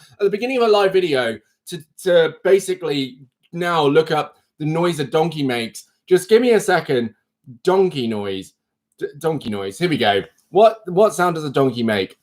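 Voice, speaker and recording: A man from the UK hosting a live stream from his desk at home, chatting casually and rambling with self-mocking asides into his phone. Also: fairly high pitch. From United Kingdom.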